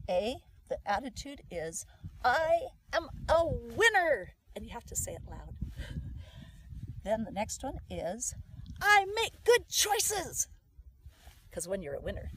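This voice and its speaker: A middle-aged woman guest explaining something step by step in a casual talk, acting out quoted lines loudly. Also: mid-range voice, slight background noise. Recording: voice from some distance off the mic.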